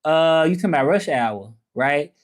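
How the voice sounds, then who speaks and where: A man's voice: fairly high pitch, animated, moderate pace. A man with a Southern US accent chatting casually on a livestream, reading viewer comments and talking straight to the audience. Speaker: livestreamer and language teacher.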